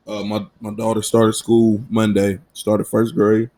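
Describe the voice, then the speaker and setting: A man's voice: on the low side, monotone, unhurried, dark tone. A man in his thirties hosting a casual solo podcast, telling profane, joking family stories. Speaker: podcast host.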